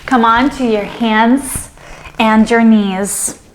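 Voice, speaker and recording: A woman leading a children's yoga story, giving slow, soothing instructions with playful animal sounds. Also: fairly high pitch, fairly even intonation, a little hiss or hum. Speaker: kids yoga teacher.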